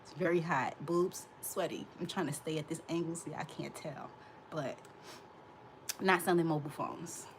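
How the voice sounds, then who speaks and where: A woman's voice: deep voice, steady tone, moderate pace. Sassy thirties woman on a stream, clapping back at chat, faint hum behind her. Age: 30s. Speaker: livestream host. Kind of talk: casual livestream chat. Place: hot indoor room.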